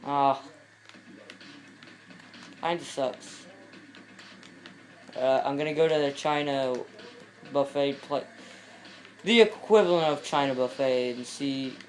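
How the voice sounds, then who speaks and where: A man's voice: mid-range voice, takes it slowly, pauses often, soft background music. A man giving casual gameplay commentary, rambling and breaking off mid-sentence to chat with viewers. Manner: rambling, self-interrupting, chatty asides to viewers. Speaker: video game commentator.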